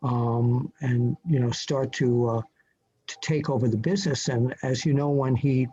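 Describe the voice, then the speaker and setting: An older man, a journalist appearing as a podcast guest, telling a story from memory in a halting way, full of fillers and restarts. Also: medium pitch, fairly even intonation, dark tone. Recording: slightly dull lo-fi audio with faint hiss.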